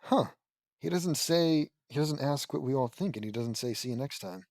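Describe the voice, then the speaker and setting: A man with a medium-pitched, slightly mellow voice casually reads a fan story aloud at normal speed, sounding animated. He keeps breaking off into rambling asides where he corrects himself, like an audiobook reader who also comments. There's no room sound.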